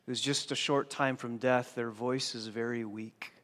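A male pastor preaching a sermon, dropping to a hush and then rising to loud, forceful emphasis. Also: mid-range voice, steady tone, measured pace. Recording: long hall reverb.

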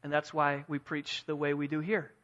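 A man preaching a sermon as pastor, emphatic, building to forceful peaks and dropping low again. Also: monotone, normal speed, dull audio. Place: church sanctuary.

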